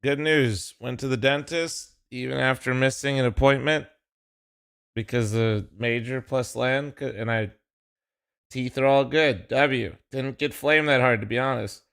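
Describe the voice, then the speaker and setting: A man's voice: medium pitch, steady tone, measured pace, vocal fry, a bit bright, clean tone. A man hosting a live-stream watch party, chatting casually with his viewers in a loose, laughing, profane way with a slightly nasal voice. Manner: loose, swearing, laughing, talking straight to chat.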